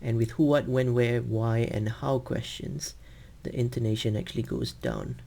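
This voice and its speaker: Guy teaching english on a zoom call, slow patient explaining, mellow kinda raspy voice. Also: mid-range voice, expressive. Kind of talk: screen-share teaching demo.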